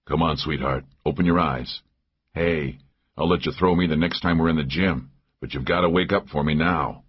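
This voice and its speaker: Narrator doing a protective male agent, very low husky voice, dull sound. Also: moderate pace, dry recording. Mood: coaxing. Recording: dull lo-fi audio.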